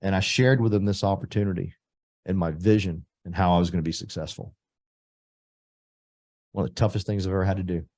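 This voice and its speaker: Emphatic man with a low, mellow voice. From Texas. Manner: emphatic, swings between loud punches and soft asides. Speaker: real estate company leader. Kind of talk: motivational recruiting speech.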